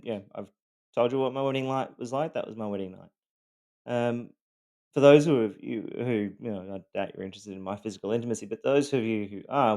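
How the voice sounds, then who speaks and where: A man with an Australian accent and a lowish, darkish voice tells his own story in a loosely scripted monologue. He rambles with many ums, carrying a wry, self-deprecating edge.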